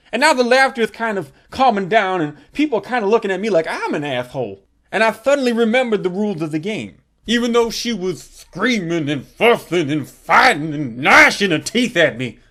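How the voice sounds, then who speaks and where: A man telling a crude, profane comic story with animated energy. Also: high-pitched. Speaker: comedic storyteller.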